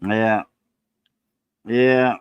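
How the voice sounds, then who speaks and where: A man's voice: on the low side, fairly even intonation, drawn-out words, smooth, no echo, highs cut off. Folksy Cajun man, dry close sound. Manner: rambling, folksy storytelling with laughs. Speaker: channel host. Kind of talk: casual chat.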